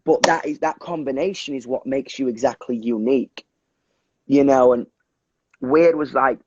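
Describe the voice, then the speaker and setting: A young man from England with a British accent, talking in an animated, swearing, run-on way in a casual livestream chat. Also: mid-range voice, normal speed, husky, no room sound, dull audio. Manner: animated, swears a lot, many restarts and fillers. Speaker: musician guest. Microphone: phone on a video call.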